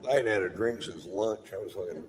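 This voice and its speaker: A man's voice: low-pitched, fairly quick, long reverb tail. A man doing stand-up, telling a long anecdote in a laid-back, profane storytelling manner on stage. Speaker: stand-up comedian. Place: comedy stage before a live audience. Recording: live show with steady background noise.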